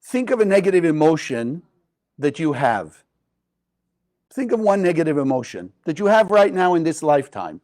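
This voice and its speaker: A man's voice: on the high side, very animated, moderate pace, a little mellow. A man teaching a spiritual lesson in a conversational, engaging way, telling a parable and asking his listeners questions. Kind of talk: spoken lesson with storytelling.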